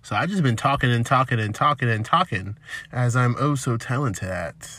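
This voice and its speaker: A man's voice: mid-range voice, moderate pace, pushed and bright, dry recording. A man hosting a solo podcast, rambling loosely and self-deprecatingly, drifting from topic to topic. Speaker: podcast host.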